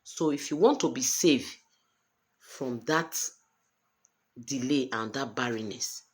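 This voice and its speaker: Earnest Nigerian woman vlogging. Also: rumbling low. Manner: emphatic, repetitive, earnest. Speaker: vlogger sharing a personal story. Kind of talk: personal vlog monologue.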